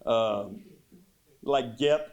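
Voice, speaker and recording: A man, a high school football head coach, giving a deadpan joking banquet speech full of rambling fillers. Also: extremely slow, dull audio.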